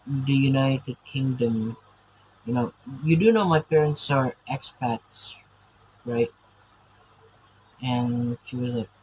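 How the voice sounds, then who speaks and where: A man talks through a drawing session in an unhurried, drawn-out way, trailing off and restarting his thoughts. He stammers and laughs often as he chats, and his pitch sits in an ordinary middle range. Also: darkish tone, a little hiss or hum, rough recording. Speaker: artist drawing on camera. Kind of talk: casual chat while drawing.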